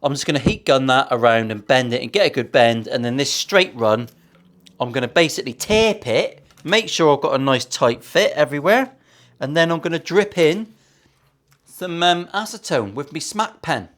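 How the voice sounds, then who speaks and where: A man talks through a guitar build in his workshop, in a voice pitched a little high. His chat is loose and sarcastic, peppered with swearing. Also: animated, normal speed, a bit bright. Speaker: luthier. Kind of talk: casual workshop build vlog.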